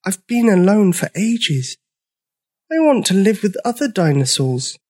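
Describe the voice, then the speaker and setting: A man voicing a huge, gentle male dinosaur who speaks in a tiny, shy, soft voice in a storybook reading. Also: high voice, very animated, unhurried, voice pushed up, heavily acted. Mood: timid. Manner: soft and timid, pleading. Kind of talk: storybook character voice.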